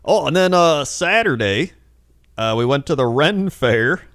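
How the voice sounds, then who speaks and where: A man's voice: fairly high pitch, expressive, unhurried, a bit bright, dry recording, clean studio sound. A man co-hosting a casual comedy podcast, telling rambling stories and laughing often. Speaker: podcast co-host.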